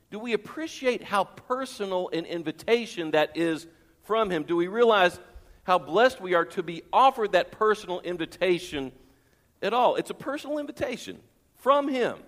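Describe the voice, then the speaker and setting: High-voiced man preaching with hall echo. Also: animated, moderate pace, a bit bright. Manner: emphatic, rhetorical questions and repetition. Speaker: pastor. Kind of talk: sermon.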